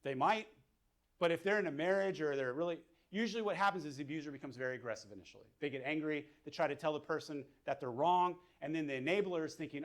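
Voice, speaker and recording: Fairly high-voiced male counselor, relaxed lecture style, talks through ideas as he sketches. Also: fast. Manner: casual, thinking aloud with fillers. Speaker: mental health counselor. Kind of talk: whiteboard lecture.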